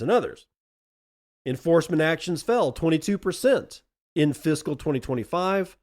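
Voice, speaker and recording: A man hosting a podcast, reading news articles aloud and breaking in with sarcastic asides of his own. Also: a little high. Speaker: podcast host.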